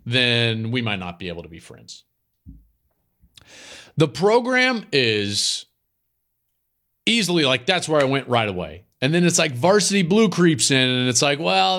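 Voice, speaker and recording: A man in his forties hosting a podcast, talking through a mailbag question in a casual, emphatic way with lots of "like" fillers. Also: fairly high pitch. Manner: animated, emphatic, many "like" fillers. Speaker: podcast host.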